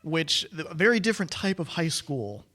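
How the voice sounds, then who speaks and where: Man, late 20s, podcast co-host, casual, joking, rambling, a little high-pitched. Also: very animated, moderate pace, sharp tone, slight background noise. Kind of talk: casual chat.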